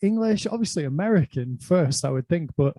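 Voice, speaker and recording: Chatty host guy, kinda high mellow voice, lots of ums, dry sound. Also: expressive, brisk, no room sound. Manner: chatty, eager questions with many fillers. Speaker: interview host. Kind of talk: casual interview chat.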